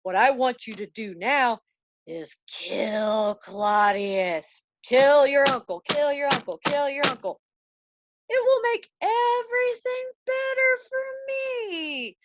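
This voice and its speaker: A woman's voice: high-pitched, expressive, slight background noise, voice pushed up. A woman voicing a vengeful king's ghost. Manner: casual modern slang, slow dramatic emphasis. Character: ghost of a dead king, vengeful, grumbling. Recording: dry, dull lo-fi sound.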